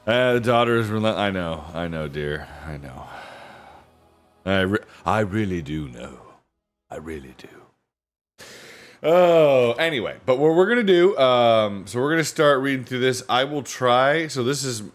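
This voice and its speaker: A man's voice: medium pitch, expressive, measured pace. A tired man hosting a livestream from home, chatting casually with viewers in a rambling way and repeating himself. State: tired from a sleepless night. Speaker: livestream host reading books aloud. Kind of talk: casual chat with live viewers. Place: home with family nearby.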